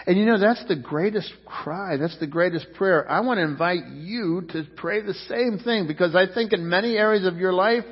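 A man's voice: high voice, moderate pace, hardly any pauses, husky. A man preaching a fervent sermon as pastor, repeating words as his voice swells and drops. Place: church sanctuary. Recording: muffled sound, long hall reverb.

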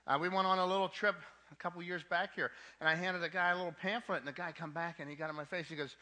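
A man's voice: high-pitched, fairly even intonation, fast talker, pushed and bright. A man preaching a sermon to a young adult ministry, emphatic, with casual asides, and repeating his key points twice.

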